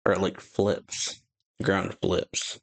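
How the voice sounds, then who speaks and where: A man hosting a reaction video, retelling and reading a comic chapter aloud in a halting way full of fillers. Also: low voice, completely flat delivery, vocal fry, no echo. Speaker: channel host.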